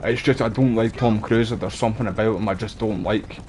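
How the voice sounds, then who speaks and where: A Scottish man with a lowish voice chats casually as he streams a game. He rambles from one story to the next in a relaxed, slangy way, with faint game sounds behind him. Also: a little fast, slight background noise. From Scotland. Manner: rambling, chatty, uses local slang. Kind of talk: casual gameplay chat.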